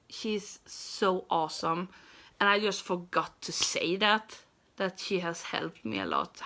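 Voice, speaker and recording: A woman's voice: lowish voice, slow pace, pushed and bright. A woman in her thirties, a beauty vlogger, chatting to camera in a rambling, self-deprecating, giggly way. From Sweden. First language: Swedish. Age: 30s. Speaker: beauty YouTuber. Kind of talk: casual chat to camera.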